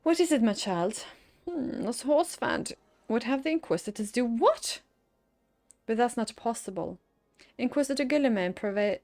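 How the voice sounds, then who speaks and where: Woman reading as a stern older lord, formal, measured, game dialogue, higher voice. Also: darkish tone. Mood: urgent.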